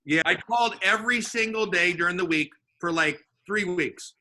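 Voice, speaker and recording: A man's voice: high voice, moderate pace. A man telling a sales story in casual chat, acting out the voices of the people in it. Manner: animated, acts out voices in his story. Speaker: sales guest.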